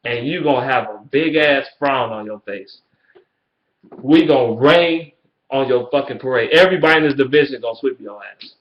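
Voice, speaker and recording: A man rants straight into the camera about a rival team, profane and cocky. He keeps breaking into high, mocking sing-song taunts. The sound is dull and lo-fi, with a roomy echo around his voice. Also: moderate pace. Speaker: sports fan vlogger. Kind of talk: ranting fan response video. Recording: echoey room, dull lo-fi sound.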